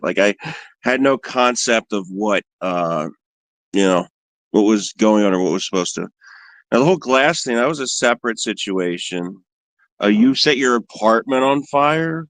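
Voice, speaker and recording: Low-voiced man rambling on a livestream. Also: animated, moderate pace, dry recording. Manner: rambling, profane, self-deprecating storytelling. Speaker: livestream host. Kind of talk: casual livestream chat answering viewers.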